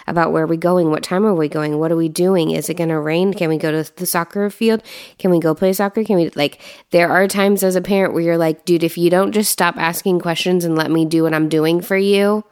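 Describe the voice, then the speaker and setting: A woman's voice: fairly low pitch, steady tone, brisk, a little mellow, clear, resonant tone, no echo, studio quality. A woman co-hosting a casual faith podcast, reflective and conversational. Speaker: podcast co-host.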